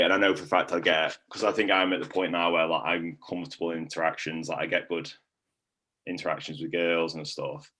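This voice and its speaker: A man's voice: sits low, a bit bright. A young man, chatting casually in a testimonial and rambling with lots of filler words. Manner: rambling, heavy use of "like" fillers. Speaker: coaching client.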